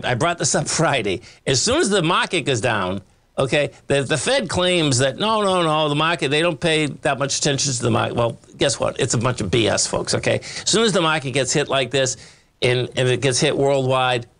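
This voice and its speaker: A man's voice: mid-range voice, a bit bright. A man hosting a live trading show, talking through charts in a rambling, blunt way, full of fillers and repeated "okay, folks". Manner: blunt, emphatic with short laughs. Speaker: market show host.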